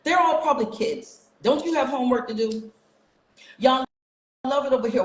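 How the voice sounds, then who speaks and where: A woman's voice: a little high, unhurried, pauses often. A woman hosting her own live stream, talking casually and firing repeated rhetorical questions at her viewers on a phone mic. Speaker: livestream host. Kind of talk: casual livestream rant to viewers. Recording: echoey room.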